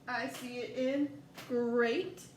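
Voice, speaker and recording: Slow, patient high-voiced woman teacher. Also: fairly even intonation. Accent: Southern US. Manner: slow, patient, coaxing, stretches out words. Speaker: first grade teacher. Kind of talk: recorded distance-learning lesson for young children. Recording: echoey room, faint background noise.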